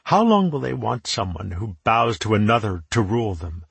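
A man's voice: on the low side, animated, moderate pace, creaky, fairly bright tone, breathy edge, no echo, heavily acted. A man putting on a defiant young woman warrior. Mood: taunting. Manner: taunting, defiant.

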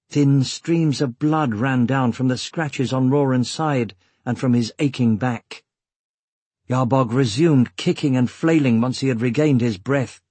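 A man narrating an audiobook with measured, steady storytelling. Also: medium pitch, husky, no echo. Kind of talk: scripted narration.

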